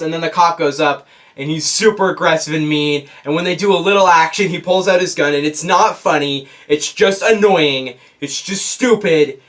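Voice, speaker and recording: A young man talks straight to his camera in a casual review, his voice sitting a little on the high side. He rants with sarcastic exasperation. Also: normal speed, fairly bright tone. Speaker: movie reviewer. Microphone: camera on a desk.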